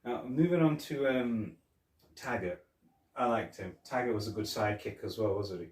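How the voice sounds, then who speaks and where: A man's voice: fairly low pitch, normal speed, a little mellow. A man hosting a podcast, chatting casually about a film, rambling and retelling scenes with laughs. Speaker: podcast host. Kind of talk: casual film review chat. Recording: roomy echo, mic at a distance.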